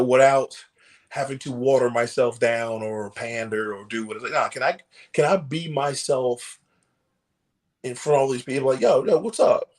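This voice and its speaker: A male pro wrestler as a podcast guest, telling casual stories and acting out the voices in them. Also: mid-range voice. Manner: animated, acts out the voices in his stories.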